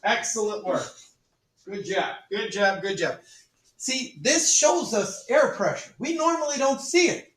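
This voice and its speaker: High, bright-voiced joking male teacher. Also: expressive, measured pace. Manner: joking, repeats "all right", calls the class "ladies and gentlemen". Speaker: chemistry teacher. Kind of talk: classroom demonstration. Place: school classroom. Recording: echoey classroom from far off.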